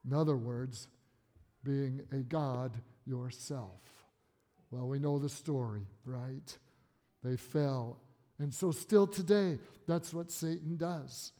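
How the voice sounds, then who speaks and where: A man's voice: medium pitch, takes it slowly, mellow. A male pastor preaching a sermon in a folksy, conversational storytelling manner. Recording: echoey hall.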